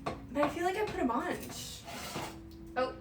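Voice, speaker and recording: Giggly high-voiced woman streaming from her kitchen. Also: animated, measured pace, recorded from a distance, over music. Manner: giggly, rambling, lots of fillers. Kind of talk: casual chat while cooking. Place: home kitchen. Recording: roomy sound from away from the mic, faint background noise.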